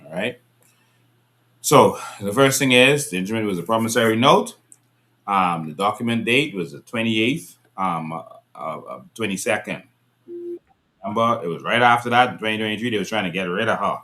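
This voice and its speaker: Animated man, bright lively voice. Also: on the low side, normal speed. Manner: animated, rhetorical, rising into exasperated scolding. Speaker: political commentator. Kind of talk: casual political commentary to viewers.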